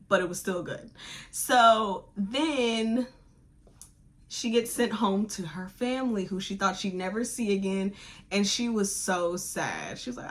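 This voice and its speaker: Chatty woman podcast host retelling a book. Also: on the high side. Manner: animated, digressive retelling that acts out characters' lines; slangy, informal talk. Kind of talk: casual book review chat.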